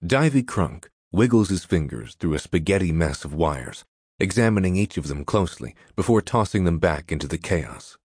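A man with a very low voice reads an audiobook in a measured, descriptive way. The recording is dry and close, with no room sound. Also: a little mellow, dry recording. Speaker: narrator. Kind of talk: audiobook narration.

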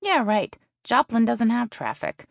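A woman's voice: a little high, very animated, a little slow, gravelly, dry recording, studio quality, pitched above the performer's own voice, full character voice. A woman voicing a sarcastic adult sister who teases and needles in a raised voice. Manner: mocking, needling.

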